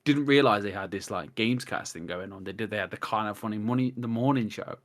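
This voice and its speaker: Talking fast in a fairly low voice, a man appears as a guest on a casual podcast. His long, meandering anecdotes come alive as he performs other people's lines.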